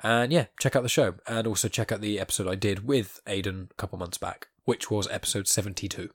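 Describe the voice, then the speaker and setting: Give me a quick, low-voiced young man hosting his podcast. He chats casually and loosely, restarting his sentences as he goes. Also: husky. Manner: chatty, rambling with restarts. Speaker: podcast host.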